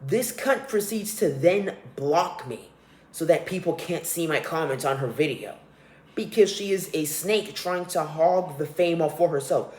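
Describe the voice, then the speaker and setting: A man's voice: a little high, measured pace, darkish tone. A young man hosting a solo podcast, ranting with profanity and scorn. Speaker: podcast host. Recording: roomy echo.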